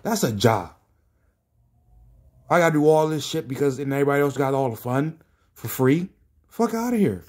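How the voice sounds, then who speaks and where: Exasperated, husky-voiced man ranting. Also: mid-range voice, expressive, moderate pace, pauses often, a little mellow. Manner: exasperated, profane, sarcastic. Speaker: commentary streamer. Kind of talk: reacting to comments.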